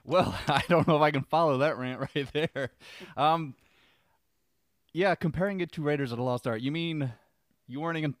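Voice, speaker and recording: A man's voice: a little high, moderate pace, no room sound. A man reviewing a film on a casual podcast, with a wry, joking manner and frequent chuckles.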